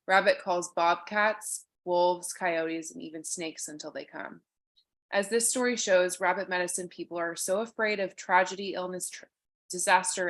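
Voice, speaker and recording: A woman's voice: on the low side, a bit bright. A woman guest reading a spiritual card story aloud and chatting in an earnest, reflective way.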